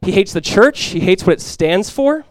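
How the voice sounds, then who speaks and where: A man preaching a sermon as pastor, telling stories with lively energy, then dropping quiet and slow to press a point. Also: high-pitched, dry recording, clean studio sound. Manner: animated storytelling, drops quiet and slow for emphasis; conversational, many fillers like "like" and "you guys".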